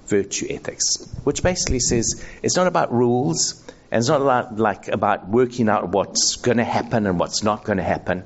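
A man gives a live ethics lesson to a room full of people. His voice sits low, and the recording is dull and lo-fi. He talks conversationally, asks for a show of hands and acts out the voices he quotes. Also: breathy edge. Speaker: speaker teaching ethics to an audience. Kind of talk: live talk with audience. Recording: dull lo-fi sound.

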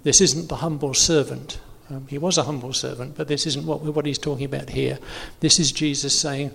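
A man's voice: medium pitch, fairly even intonation, moderate pace, vocal fry, few pauses, a bit bright, breathy edge. Man teaching faith in an echoey hall. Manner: chatty, self-correcting, many fillers. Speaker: preacher. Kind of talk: informal teaching talk. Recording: long hall reverb.

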